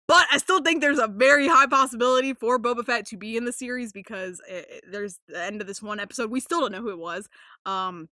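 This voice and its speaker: A young woman hosting a casual podcast, rambling with lots of fillers, swearing freely and getting excited. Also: a little high, fast talker, no echo, clean studio sound. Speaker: podcast host.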